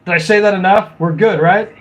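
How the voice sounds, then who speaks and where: A man's voice: high voice, steady tone, fairly quick, low-quality recording. A middle-aged man hosting a live stream, chatting casually, rambling and laughing often as he mocks commenters.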